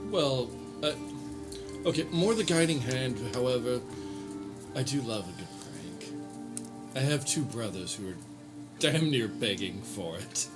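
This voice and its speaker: A man's voice: mid-range voice, animated, unhurried, long pauses. A man playing a tabletop game, cheeky, swearing often and laughing. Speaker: player. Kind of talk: casual in-character play. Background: background music.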